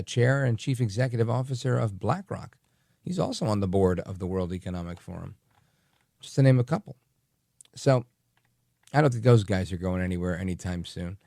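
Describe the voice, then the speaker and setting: A man's voice: on the low side, creaky, mellow, no echo, studio quality. A man hosting a talk radio show, delivering a rambling, chatty monologue full of asides and fillers.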